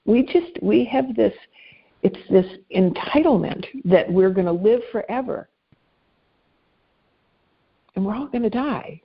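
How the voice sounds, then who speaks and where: Gravelly, husky woman coaching. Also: mid-range voice, measured pace, pauses often, highs cut off. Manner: animated, self-deprecating, restarts often. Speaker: life coach. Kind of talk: casual interview conversation.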